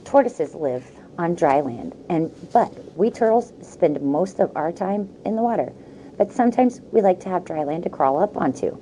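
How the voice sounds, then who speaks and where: Low, mellow teacher reading aloud. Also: female voice, animated, a little hiss or hum, low-quality recording. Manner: slow, gentle storytelling with asides to the class. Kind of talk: reading a chapter book aloud to students.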